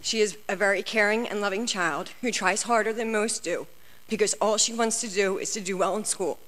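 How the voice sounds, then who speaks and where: A woman's voice: mid-range voice, fairly quick, fairly bright tone. A woman giving an emotional, earnest prepared comment as a parent at a public school board meeting. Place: large meeting hall. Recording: long hall reverb.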